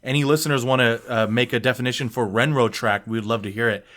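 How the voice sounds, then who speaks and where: A man's voice: mid-range voice, fairly even intonation, quick pace, a bit bright. A man co-hosting a casual podcast, reading listener tweets aloud and rambling with many fillers. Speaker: podcast co-host.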